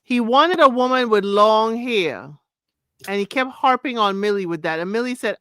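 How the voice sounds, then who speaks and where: A co-host in a casual live podcast chat, retelling stories in an emphatic, drawn-out way. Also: mid-range voice, a bit bright, clear, resonant tone, dry recording, studio quality.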